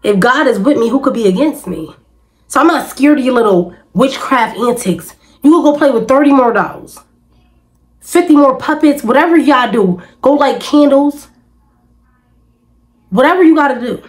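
A woman's voice: high-pitched, expressive, moderate pace, low-quality recording. Woman venting emphatically to camera. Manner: emphatic, repetitive, frustrated venting. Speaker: vlogger. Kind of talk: casual talk to camera.

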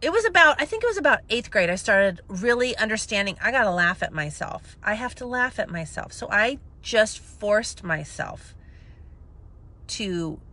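A woman in her thirties telling her story to camera in a chatty, self-mocking way, swinging between hushed asides and loud outbursts. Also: medium pitch, big pitch swings, normal speed. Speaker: vlogger, makeup seller.

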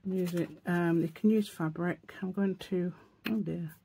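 A woman's voice: lowish voice, fairly even intonation, a little slow, vocal fry, dark tone, husky. A woman hosting a casual crafting tutorial, thinking aloud as she works and often correcting herself. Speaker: craft channel host.

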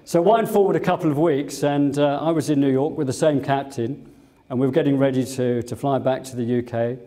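A man's voice: medium pitch, fairly even intonation, fairly quick, mellow. An older English man, a former airline captain, giving a museum talk full of fond anecdotes and fillers. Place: museum lecture room.

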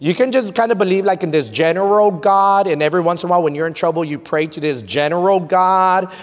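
A man in his thirties with a Texan accent, preaching a sermon as pastor, swinging from quiet storytelling to loud peaks and slipping Spanish phrases into English. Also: high voice, fast. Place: large church sanctuary. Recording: long hall reverb.

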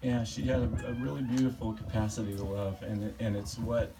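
Man, eulogy at a memorial service, fond and halting, recorded from a distance with steady background noise. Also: on the low side. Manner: halting, fond storytelling, often chuckling. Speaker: family member giving a eulogy. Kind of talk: personal eulogy with stories.

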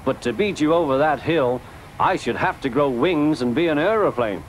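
Friendly bragging bus played by a man, storybook voice, bouncy pitch, music behind. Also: lively intonation, moderate pace, slight background noise, close to an everyday voice, rough recording. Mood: jolly. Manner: teasing, jolly. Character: cheerful boastful male country bus.

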